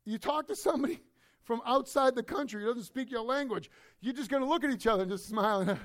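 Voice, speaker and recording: A pastor delivers an expository sermon quickly and emphatically, his intonation lively. He drops in humorous asides and swings between loud emphasis and low, quiet remarks.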